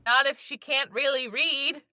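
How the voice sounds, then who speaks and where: A woman playing a tabletop game, expressive and joking, swearing freely. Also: sits high, unhurried, no room sound. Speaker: player. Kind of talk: casual tabletop game play.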